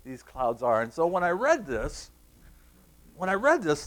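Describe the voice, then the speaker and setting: Pastor guy preaching, tells a story, gets teary, voice a bit high. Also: moderate pace. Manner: storytelling, animated, emotional. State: tearful. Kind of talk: sermon.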